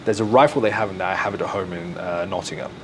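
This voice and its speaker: An Englishman with an English accent, telling a story in casual talk on a live podcast, lively and full of "like" fillers, acting out what people said. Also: low-pitched, rapid-fire, a little hiss or hum. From England. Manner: animated, acts out quoted speech, full of "like" fillers. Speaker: podcast guest.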